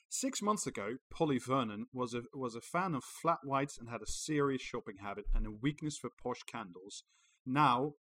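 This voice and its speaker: A man's voice: medium pitch, fairly bright tone, no echo, poor audio. A man co-hosting a podcast, reading an article aloud and adding sarcastic, profane commentary. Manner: sarcastic, swears freely. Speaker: podcast co-host.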